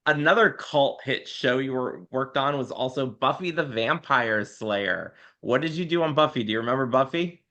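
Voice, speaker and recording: Bright-voiced male interview host. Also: medium pitch, expressive, moderate pace, hardly any pauses. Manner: easygoing, short affirmations and listed questions. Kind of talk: casual interview questions. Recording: dull lo-fi sound.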